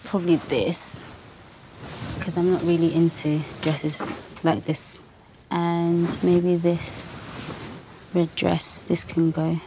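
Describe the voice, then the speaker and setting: A woman's voice: lowish voice, level tone, slow, pauses often, noisy background. A British woman answering questions in a documentary, talking casually and hesitantly with many fillers. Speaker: interviewee. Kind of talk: candid documentary interview.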